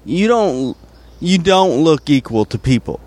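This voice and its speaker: Hesitant man with a higher voice. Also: very animated, a little slow, darkish tone. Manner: hesitant, many fillers and restarts. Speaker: stand-up comedian guest. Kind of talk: casual conversation.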